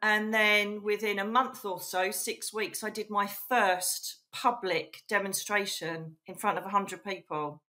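A woman's voice: mid-range voice, fairly even intonation, a little slow, hardly any pauses, bright, forceful tone. A middle-aged woman from England, a psychic medium, telling her life story in a chatty, emphatic way, full of "you know" and "literally". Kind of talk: casual storytelling interview.

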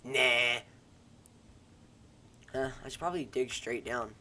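A man's voice: mid-range voice, slow pace. Rambling young man on a headset. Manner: rambling, self-deprecating, joking asides. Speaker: gaming YouTuber. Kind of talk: casual gameplay commentary. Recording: noisy home recording with keyboard clicks.

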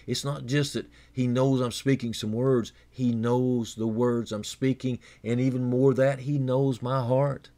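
With a flat delivery and measured pace, a man preaches on the radio with few pauses. He's earnest and conversational, frequently repeating words and starting over, and his pitch rises for emphasis before falling low and soft.

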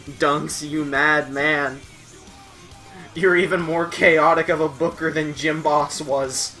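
A man giving playful, jokey play-by-play commentary on a wrestling video game, shouting at the big moments. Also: a little high, steady tone, takes it slowly, soft background music.

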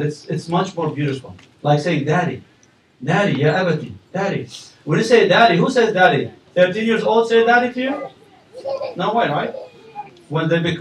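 A man giving a sermon to a community audience, telling stories and asking the audience questions, swinging between loud and soft. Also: sits high. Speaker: imam giving a lecture. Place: mosque hall. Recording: echoey hall, mic at a distance.

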